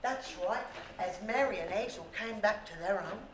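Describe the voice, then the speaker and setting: A woman storyteller telling a story to a live audience in an animated way, asking her listeners questions and bantering with them. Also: medium pitch, moderate pace. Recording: roomy with faint background noise.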